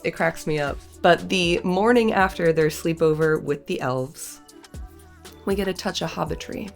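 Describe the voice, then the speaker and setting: A woman's voice: lowish voice, normal speed, vocal fry, faint music behind. A young woman with a cold reading a novel aloud and breaking off into playful, slangy, laughing commentary. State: has a cold. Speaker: video essay host.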